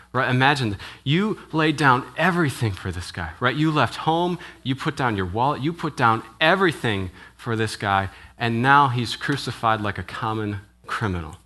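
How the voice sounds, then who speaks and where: A man's voice: medium pitch, sharp tone. A man preaching a sermon in a church as minister. He speaks conversationally and keeps asking the congregation questions, often tagging "right?". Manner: asks the congregation questions, with frequent "right?" tags; conversational, with restarts and brief laughs. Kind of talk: interactive sermon.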